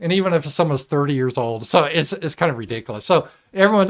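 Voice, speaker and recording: A man hosting a live political commentary show, talking casually and animatedly, swearing and mimicking voices in a shrill tone. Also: lively intonation, fast talker, hardly any pauses. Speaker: show host.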